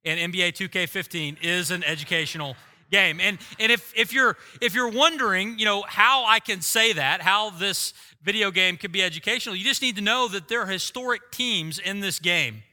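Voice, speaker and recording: A middle-aged man preaching a sermon, telling a self-mocking story with animated, humorous delivery. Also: high-pitched, normal speed. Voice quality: voice likened to a screaming rock singer. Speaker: pastor.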